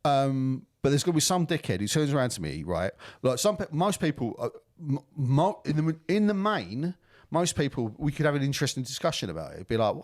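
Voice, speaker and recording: A man's voice: medium pitch, sing-song, fast talker, dry recording, studio quality. Sweary ranting man. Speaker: podcast co-host. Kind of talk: casual chat.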